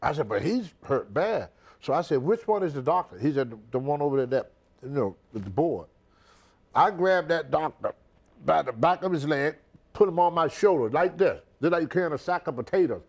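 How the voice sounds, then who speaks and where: A man's voice: a little high, brisk. An older man, a retired wrestler recounting a story in a shoot interview, repeating words and acting out the people in it. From United States. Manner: animated storyteller, repeats words, acts out others.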